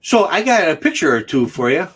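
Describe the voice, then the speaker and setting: A man's voice: a little high, very animated, fairly quick, fairly bright tone, slightly rough. A man hosting a casual livestream chat, joking and chatty and laughing often. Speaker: host.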